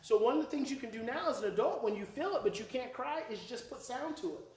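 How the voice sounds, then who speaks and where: High-voiced man from Oklahoma lecturing. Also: fast. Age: 40s. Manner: animated, emotional storytelling with repeated phrases. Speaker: parenting educator and presenter. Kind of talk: live workshop talk. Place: presentation hall before a live audience. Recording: roomy live hall, voice picked up from a distance, faint noise.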